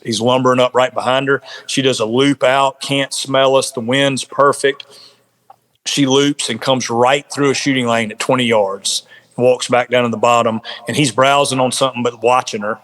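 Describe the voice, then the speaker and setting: A man who is a podcast guest, telling a hunting story in a casual, animated way and often repeating words. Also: medium pitch. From South Carolina. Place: home, on a remote call.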